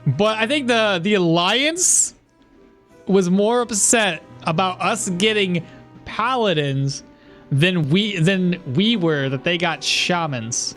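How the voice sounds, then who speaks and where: A male game streamer talking through live gameplay in a loose, rambling way. He chuckles and swears casually as he goes. His voice sits a bit high for a man, and soft music plays underneath. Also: expressive, slow.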